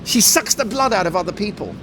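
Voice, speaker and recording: A middle-aged man delivers a talk show monologue in a fairly high voice that swings widely as he mocks and jokes. His manner is animated and opinionated, and a faint hiss runs under the recording. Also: fast talker. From Britain. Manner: animated, mocking, swings into jokey put-on voices.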